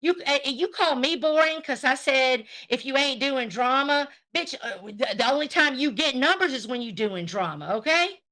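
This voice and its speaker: Speaking high, expressively and at a normal speed, this livestream host sounds pushed and bright, with few pauses. She says hello to her chat and lays into a rival with sarcastic, confrontational profanity.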